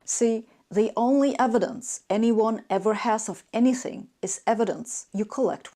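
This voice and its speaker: A woman in a played video, calmly explaining in a measured, lecturing way. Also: fairly high pitch. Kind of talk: calm explanatory talk.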